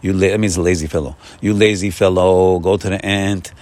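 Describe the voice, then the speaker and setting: Guy with a lowish voice doing a lively torah talk, keeps saying my friends, punches words up high. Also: normal speed. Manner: warm repetitive exhortation, often saying "my friends"; animated, rising bursts of emphasis. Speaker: Torah teacher. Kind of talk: informal morning Torah talk.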